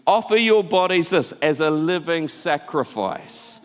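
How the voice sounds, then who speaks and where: A man preaching a sermon as pastor, telling stories in an animated, conversational way. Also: a little high, a little slow, smooth. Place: church auditorium. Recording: church hall reverb.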